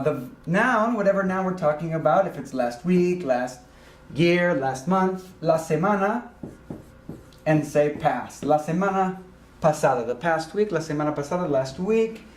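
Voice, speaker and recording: A man teaching a recorded grammar lesson, explaining slowly and deliberately with frequent ums and uhs. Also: on the high side, roomy sound. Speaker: Spanish teacher.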